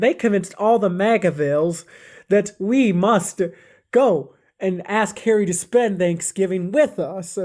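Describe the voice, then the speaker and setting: Rambling through a made-up comic tale on the spot, a woman keeps correcting herself, restarting and dropping fillers along the way. She has a medium-pitched, mellow voice and an unhurried delivery.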